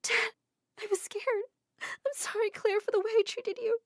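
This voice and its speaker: A remorseful young bride in an animated drama, as a woman narrator voices her. Her voice is high and tearful, and she is crying. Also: normal speed, no room sound, clean studio sound.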